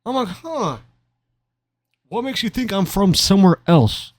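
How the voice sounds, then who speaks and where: A man's voice: high voice, sing-song, measured pace, dry recording. A young man casually telling a rambling, self-mocking story over gameplay, often stumbling and repeating his words. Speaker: gaming commentator.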